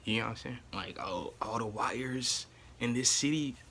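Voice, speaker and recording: A man with a husky, slightly rough voice rants casually to his camera in loose slang. He drops into low mutters and then jumps up to loud, incredulous exclaiming, tagging lines with "you know what I'm saying". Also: moderate pace. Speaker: vlogger.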